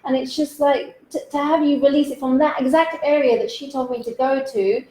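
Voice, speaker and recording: A woman hosting a casual chat, animated and laughing often, with casual swearing. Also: high voice, a little fast. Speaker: fill-in host. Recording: roomy echo.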